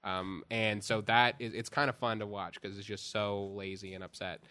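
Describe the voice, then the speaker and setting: A man talks through a film review in a loose, rambling way, full of fillers and restarts. His voice sits a little low and comes across bright and forceful. It sounds like casual conversation between friends. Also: level tone, normal speed. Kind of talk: casual chat.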